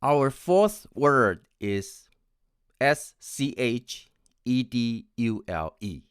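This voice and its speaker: A man in his sixties from Taiwan, an English pronunciation coach, teaching in a deliberate way and spelling words out letter by letter. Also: medium pitch, lively intonation, smooth, no echo, clean studio sound. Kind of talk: scripted teaching.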